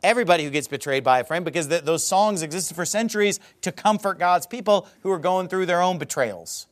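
Male preacher, high-pitched voice, animated, emphatic, reads scripture aloud. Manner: animated, rises loud for emphasis, slows on key phrases; reads scripture aloud in King James wording. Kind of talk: sermon.

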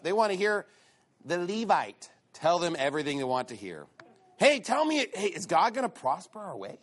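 Animated, high-pitched preacher man. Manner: mocking, sarcastic asides with put-on quotes; animated, swings between loud and low. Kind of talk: sermon.

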